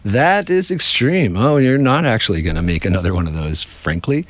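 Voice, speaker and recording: A man hosting a radio show with upbeat, quick patter between segments. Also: on the low side, lively intonation, dry recording.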